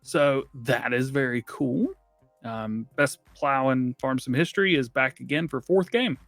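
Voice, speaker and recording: A man's voice: mid-range voice, a little slow, a bit bright, dry recording, faint music behind. A man co-hosting a casual gaming podcast, chatty and rambling, laughing often. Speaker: podcast co-host.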